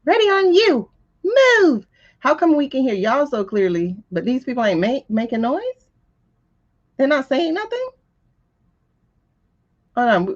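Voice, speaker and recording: A woman's voice: a little high, lo-fi sound. A woman hosting a livestream who comments on a news clip in casual, exasperated talk. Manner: animated, exasperated, laughing, talks back to the screen. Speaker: livestream host reacting to a video.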